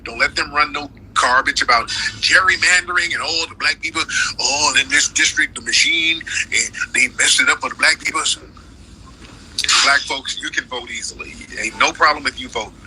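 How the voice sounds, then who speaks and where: A man's voice: fairly high pitch, normal speed, pushed and bright, slight background noise, poor audio. A man hosting a live stream, delivering a heated, slangy political commentary rant with lots of emphasis.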